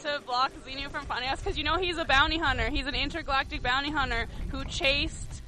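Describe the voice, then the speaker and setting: A woman's voice: high-pitched, steady tone, a little fast, bright, forceful tone, rough recording. A woman in casual chat, joking and rambling playfully with lots of fillers. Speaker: interviewee.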